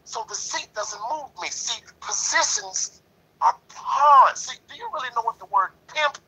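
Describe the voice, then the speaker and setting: A man's voice: very high voice, lively intonation, unhurried, pushed and bright, breathy edge, poor audio. A man in a lodge discussion talking in a preachy, emphatic way, repeating himself and leaning on "you know". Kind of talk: passionate casual discussion.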